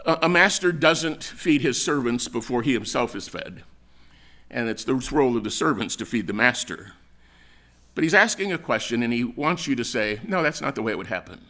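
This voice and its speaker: An older American man preaching a sermon, telling stories in a relaxed, conversational way with frequent fillers and restarts. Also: mid-range voice, normal speed. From United States. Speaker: pastor.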